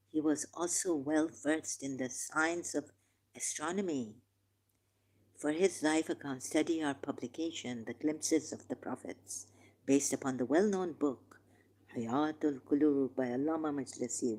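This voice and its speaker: A woman reading scripture aloud and commenting on it with passion, slowing down for the verses and pausing with hesitations. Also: deep voice, warm tone. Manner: impassioned, reads verses slowly with hesitations. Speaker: religious commentator.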